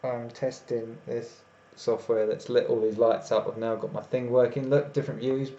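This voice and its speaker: A man's voice: medium pitch, little pitch movement, moderate pace, mellow. A tired man, rambling casually as he chats with viewers on a live stream. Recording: echoey room, dull lo-fi sound, faint noise.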